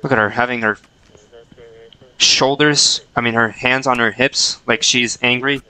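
Man, game streamer, bright crisp voice, playful running commentary. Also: medium pitch, steady tone, unhurried, poor audio. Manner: playful, jokey, talks to the characters. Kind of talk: casual gameplay commentary.

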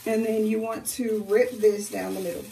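A young woman vlogs from home, telling a story to her viewers in a lively, chatty way. Her voice sits fairly high and comes from a little way off the mic. The room is echoey, and a faint hum runs underneath. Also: moderate pace, gravelly, far from the mic. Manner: chatty, animated, addresses viewers directly. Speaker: beauty vlogger. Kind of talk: casual storytime chat during a hair tutorial.

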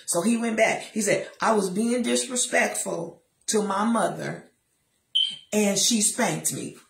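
A woman giving a lively motivational talk, telling personal stories and acting out the voices of the people in them. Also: medium pitch, a little slow, vocal fry, roomy sound. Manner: lively storytelling, acts out voices, preachy asides. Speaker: motivational speaker.

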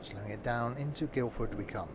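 A man's voice: medium pitch, fairly quick, very noisy. A man casually commentating a train simulator game live, joking and teasing his chat. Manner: joking, chatty, teasing viewers. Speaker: streamer playing a train simulator.

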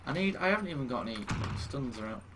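A young man talks casually over his gameplay. He mocks himself, swears freely and lets out sudden exclamations. Game noise sits clearly behind his voice. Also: medium pitch, animated. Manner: self-mocking, swearing, quick to exclaim. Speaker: gaming YouTuber.

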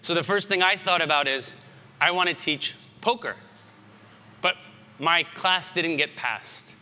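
Thirties guy from the states doing a keynote, super bright sharp voice, storytelling w/ jokes, echoey hall. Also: fairly high pitch, a little slow. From United States. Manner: animated anecdotal storytelling with asides. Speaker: conference speaker. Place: large conference hall. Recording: hall reverb.

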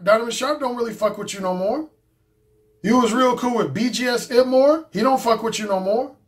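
A man hosting his own channel, giving a casual, blunt and profane commentary monologue and repeating his points. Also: extremely high pitch. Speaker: dating coach and YouTube host.

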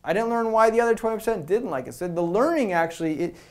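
A man giving a presentation at a meetup. He talks to the audience in a conversational, energetic way and acts out quoted lines. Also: high voice, quick pace. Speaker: product management speaker.

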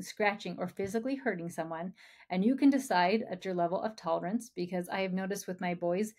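A woman's voice: medium pitch, a little mellow. A woman who is a parenting coach giving encouraging podcast advice and speaking straight to the listener as a friend.

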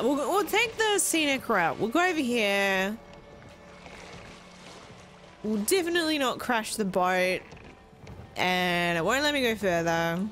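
Animated swearing woman gamer. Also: medium pitch. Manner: swears a lot, laughs often, jokes. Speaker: streamer playing a video game. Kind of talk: live gameplay commentary.

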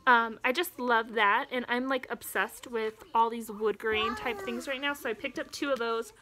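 A woman's voice: fairly high pitch, steady tone, moderate pace. A young adult woman, out of breath, chatting casually through a haul video at home and breaking off to talk to her toddler. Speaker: haul vlogger and mom. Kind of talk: casual show-and-tell chat. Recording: home video with background noise.

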